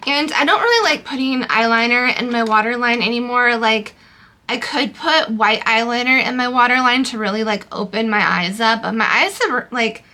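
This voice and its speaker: Bright-voiced chatty young woman. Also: a little high, normal speed. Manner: chatty, loose, many fillers like "um" and "like". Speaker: beauty vlogger. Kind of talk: casual makeup tutorial chat.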